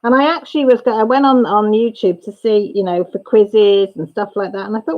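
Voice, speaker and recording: A woman's voice: mid-range voice, steady tone, fairly quick, few pauses, muffled recording. A woman hosting a livestream, chatting casually and gossipily with viewers and laughing often. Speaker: livestream host. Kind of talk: casual chat with live viewers.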